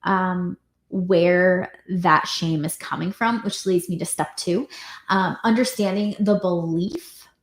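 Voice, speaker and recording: A young woman with a somewhat low voice talks as a parenting coach in a loose, reflective way. She restarts sentences and leans on fillers. Her voice rings in a noticeably echoey room. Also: steady tone, slow, slight background noise. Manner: conversational, with many fillers and restarts. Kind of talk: casual reflective talk to camera.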